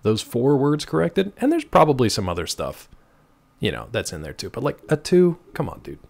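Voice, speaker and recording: A male livestream host chatting casually from home, playful and animated, jumping between high and low pitch. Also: moderate pace, vocal fry. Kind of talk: casual chat while gaming.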